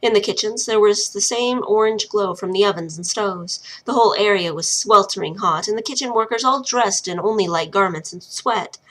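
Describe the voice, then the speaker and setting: A woman reading a chapter of her own novel aloud in a plain, unhurried way, with a few small slips. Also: mid-range voice, a bit bright.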